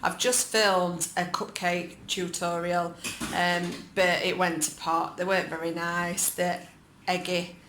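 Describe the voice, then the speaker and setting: A woman's voice: lowish voice, level tone, slow, background noise. A woman in her thirties with an English accent, chatting casually and rambling with many ums as she vlogs from her dining room at home. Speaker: vlogger. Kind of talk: casual chat. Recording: echoey room.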